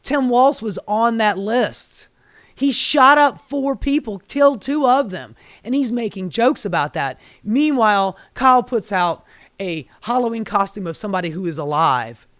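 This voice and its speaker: A woman in a heated political rant, swearing freely and swinging from low, grumbling asides to sudden loud peaks. Her voice sounds strained and worn. She is recorded close and dry, with no room sound around her. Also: animated, normal speed, dry recording. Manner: profane, fired-up, swings between muttering and shouting. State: voice getting strained. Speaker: political commentary host.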